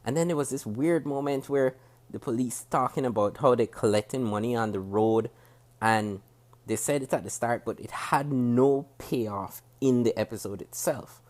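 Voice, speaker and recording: A man with a Jamaican accent, speaking to camera as he reviews a TV show. He talks in a critical, measured way and often restarts his sentences as he thinks aloud. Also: mid-range voice, darkish tone. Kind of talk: casual spoken review to camera. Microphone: camera facing the speaker.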